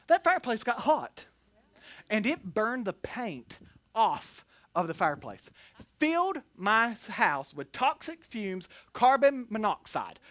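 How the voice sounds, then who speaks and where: Bright-voiced woman preacher telling stories. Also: a little slow, no echo. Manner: animated, leaps into high acted quotes. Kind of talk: sermon with personal storytelling.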